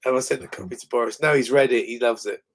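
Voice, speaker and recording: A man's voice: medium pitch, fast. A man chatting casually on a livestream, rambling and restarting his sentences. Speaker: comic book creator.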